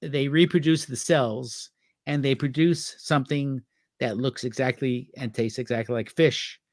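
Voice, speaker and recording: A man's voice: mid-range voice, fairly even intonation, measured pace, dry recording, studio quality. A man chatting as a guest on a talk show, telling rambling anecdotes and laughing at his own stories. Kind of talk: casual chat.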